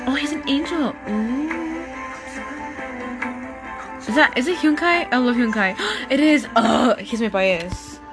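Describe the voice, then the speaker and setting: A woman's voice: high-pitched, expressive, slow, pauses often. Gushing young woman reacting, faint music. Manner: gushing, exclamatory, many fillers. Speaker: podcast host. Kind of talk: casual reaction chat.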